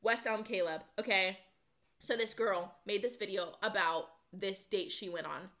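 Bright-voiced chatty young woman. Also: mid-range voice, unhurried. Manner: chatty storyteller, many "like" fillers, acts out quotes. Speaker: podcast co-host. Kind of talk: casual chat.

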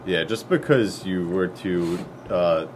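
A man's voice: deep voice, slow, slight background noise. A man co-hosting a casual podcast who rants with a lot of swearing and acts out phone calls. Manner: animated ranting, lots of swearing. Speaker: podcast co-host. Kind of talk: casual crude podcast banter.

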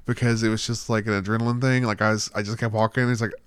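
A man's voice: lowish voice, flat delivery, fast talker, clean tone, no room sound. Rambling, swearing young man. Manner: rambling storyteller, swears a lot, laughs often. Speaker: podcast co-host. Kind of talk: casual chat.

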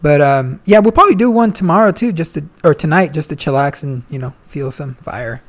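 A man's voice: a little high, brisk. A young man, a guest, chatting casually and telling a long story, swearing freely and full of slang. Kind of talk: casual chat.

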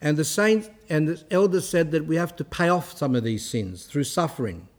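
Guy giving a spiritual talk, kinda high voice, reads a bit then explains it casually. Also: animated, normal speed. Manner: conversational, reads quotes aloud then explains them. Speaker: religious teacher. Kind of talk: spiritual talk reading and commenting on a saint's life.

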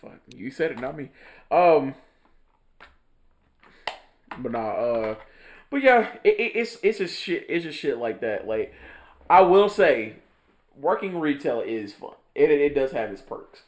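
A man's voice: mid-range voice, sing-song, measured pace, long pauses. A young man in casual podcast chat, telling a work story with lots of laughter, cursing and slang.

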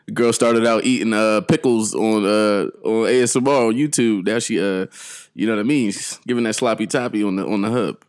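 Joking male podcast host, lowish voice. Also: steady tone, normal speed, clear, resonant tone. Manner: joking, laughing often, rambling. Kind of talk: casual podcast chat.

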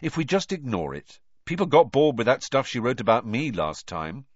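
Man voicing a raised-pitch earnest schoolboy for a storybook, direct and impatient, dull lo-fi. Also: big pitch swings, moderate pace, breathy edge, dry recording. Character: earnest teenage schoolboy hero.

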